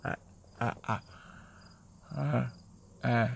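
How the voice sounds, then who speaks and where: A man's voice: medium pitch, fairly even intonation, extremely slow, creaky, breathy edge. A man rambling on his vlog from his parked car, swearing often and mocking himself. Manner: rambling, profane, self-mocking. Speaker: vlogger. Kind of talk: casual vlog talk.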